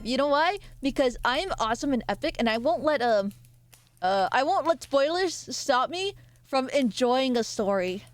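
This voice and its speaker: A bubbly woman streamer chats away with her audience in a bright, fairly high voice. She giggles often and her pitch jumps into squeals when she gets excited. The sound is dry and close, with no room around it. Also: normal speed, clean tone, no room sound. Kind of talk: casual live-stream chat.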